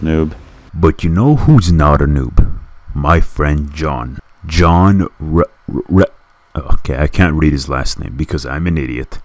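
Very deep-voiced man joking through a game. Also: no echo. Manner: sarcastic, self-mocking joking; bursts of excited shouting at the game. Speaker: gameplay commentator. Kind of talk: casual let's-play commentary.

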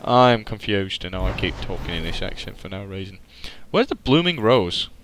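A man's voice: deep voice, very animated, normal speed, a bit bright. A young man doing casual let's-play commentary, goofy and rambling, with heavy swearing. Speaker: gaming commentator. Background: game music faint.

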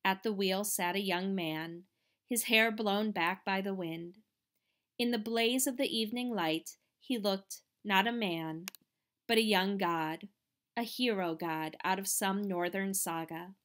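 落ち着いて朗読する女性の語り手. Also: female voice, mid-range voice, measured pace, fairly bright tone. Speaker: audiobook reader. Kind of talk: audiobook narration.

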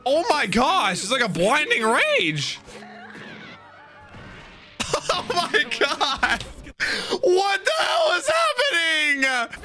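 An excitable young man narrates his own reactions in casual chat. His voice runs high and bright, leaping wildly in pitch from low mutters to shouted outbursts. Faint music plays underneath. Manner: excitable, swings into loud outbursts. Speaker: anime reaction host.

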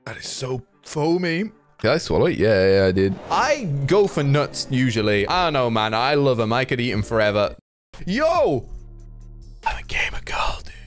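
A young man from England, a gaming YouTuber giving excitable, joking commentary to his chat. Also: medium pitch, moderate pace, faint music behind. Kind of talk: casual gameplay commentary.

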